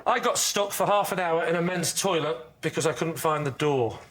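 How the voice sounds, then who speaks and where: A man on a comedy panel show, giving deadpan, literal answers. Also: fairly high pitch, moderate pace, noisy background.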